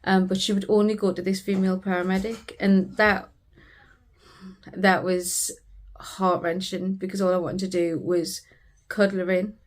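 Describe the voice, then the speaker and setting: A woman's voice: mid-range voice, little pitch movement, normal speed. A British woman, a family vlogger, earnestly retelling a frightening family emergency in a personal storytelling vlog.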